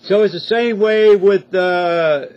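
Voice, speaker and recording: A man's voice: high-pitched, slow pace, clear, resonant tone. A man giving a casual spoken monologue as a commentator, folksy and rambling, with many fillers and restarts. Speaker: religious commentator. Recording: dull lo-fi recording.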